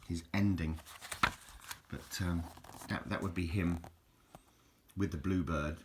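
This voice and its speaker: A man's voice: deep voice, noisy background. An Englishman, chatting casually over photos in a rambling, hesitant way with frequent restarts. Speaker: video host.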